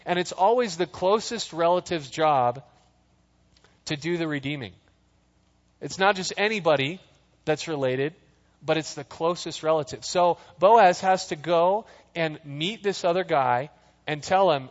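A man's voice: a little high, measured pace. Chatty male preacher in an echoing hall. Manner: chatty, jokey, acts out voices of the story. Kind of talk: casual sermon with scripture reading. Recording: dull sound, long hall reverb.

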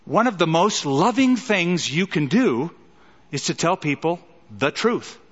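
Emphatic preacher, slightly high voice. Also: male voice, animated, a little slow, husky, in a large hall, highs cut off. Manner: emphatic, rhetorical questions, dramatic quoting. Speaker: pastor. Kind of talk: sermon.

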